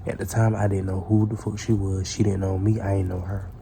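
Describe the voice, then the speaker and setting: A man's voice: sits low, little pitch movement, a little fast, gravelly, dark tone, slight background noise. A man telling a casual storytime tale in a profane, rambling way, full of restarts.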